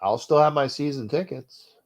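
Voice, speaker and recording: A man with a stuffed-up nose hosts a sports talk show, rambling along at a middling pitch. He trails off into low mutters, restarts his sentences, and then gets loud. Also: normal speed. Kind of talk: uncensored fan rant show.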